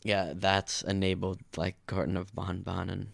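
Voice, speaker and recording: A man's voice: sits low, completely flat delivery, normal speed, vocal fry, no echo. A man co-hosting a podcast in casual chat, rambling and profane, going off on tangents. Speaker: podcast co-host.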